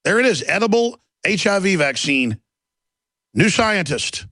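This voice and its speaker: A middle-aged man hosts a talk radio show, ranting and telling stories while acting out the voices of the people in them. His high voice swings widely in pitch and sounds pushed and bright, though he's unhurried. There's no room sound.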